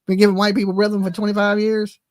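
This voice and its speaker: Ranting in reaction commentary, a channel host with a Southern US accent gets heated, says the same things over and over, and keeps throwing in "okay?" He talks quickly in a high, monotone voice.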